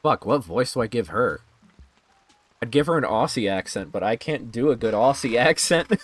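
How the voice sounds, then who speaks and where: A man's voice: mid-range voice, lively intonation, normal speed, dry recording, faint music behind. A man streaming a video game, chatting casually with his audience and laughing at his own jokes. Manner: chatty, laughing, jokey asides to chat. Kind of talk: casual gaming stream chat.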